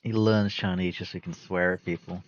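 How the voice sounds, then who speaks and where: A man's voice: low-pitched, level tone, fairly quick, muffled recording. A man on a comedy podcast, chiming in with dry one-liners and short interjections. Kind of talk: casual comedic chat.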